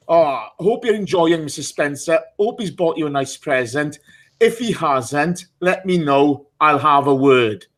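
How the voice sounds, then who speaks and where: A man hosting a live podcast in a casual, chatty way, teasing his guests and greeting listeners by name. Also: a little high. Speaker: podcast host.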